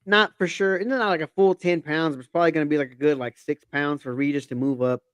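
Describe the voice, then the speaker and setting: A man co-hosting a casual combat sports podcast, giving confident predictions in a relaxed, slangy way. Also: on the high side, fast, smooth, dry recording. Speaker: podcast co-host.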